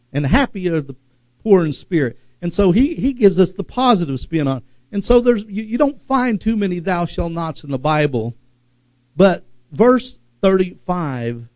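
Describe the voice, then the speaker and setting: A man preaching a sermon in a dark, mellow voice, with dramatic pauses and words drawn out for emphasis. The recording is dry and a little dull, as if lo-fi. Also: on the high side, no room sound. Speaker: pastor.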